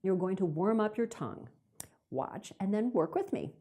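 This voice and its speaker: A woman who works as a voiceover artist, talking casually to camera as she gives communication tips and shows vocal warm-ups. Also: mid-range voice, normal speed, husky. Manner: lively, chatty, demonstrative. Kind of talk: direct-to-camera tips video.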